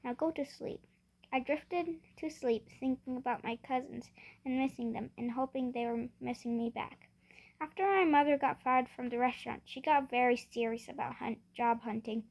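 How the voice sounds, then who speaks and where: A woman's voice: high voice, moderate pace, creaky. A woman reading a children's novel aloud in first person, often restarting words. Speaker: reader.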